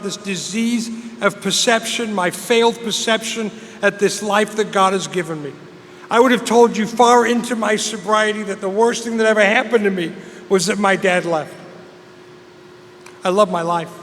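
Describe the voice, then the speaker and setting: Speaking with a high-pitched, fairly bright tone, a middle-aged man from England gives his personal testimony at a recovery meeting. He talks earnestly, and the large hall adds long reverb over faint noise.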